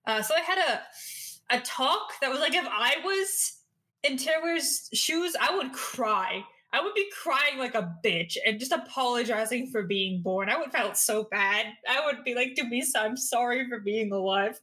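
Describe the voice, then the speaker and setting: A woman player recapping a tabletop game session in casual chat, giggly and swearing, with quick asides. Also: sits high, lively intonation, bright, forceful tone.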